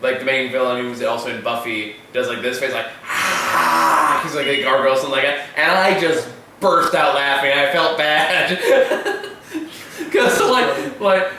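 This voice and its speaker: A man's voice: medium pitch, normal speed, background noise. A man co-hosting a casual film review chat, rambling and laughing often as he talks. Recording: echoey room, distant from mic.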